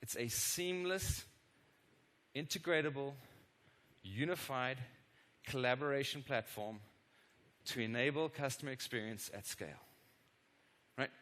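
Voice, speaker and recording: A middle-aged man giving a live product demo keynote on a conference stage, energetic and constantly checking in with the audience through quick tag questions and self-deprecating asides. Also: mid-range voice. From not from the United States. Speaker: conference presenter.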